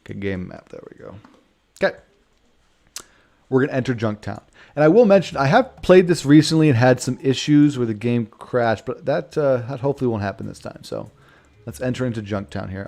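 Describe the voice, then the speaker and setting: Mellow-voiced man rambling over a game. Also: medium pitch, vocal fry. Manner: rambling, joking, swears casually, calls people man. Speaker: streamer playing a video game. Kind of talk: casual let's-play commentary.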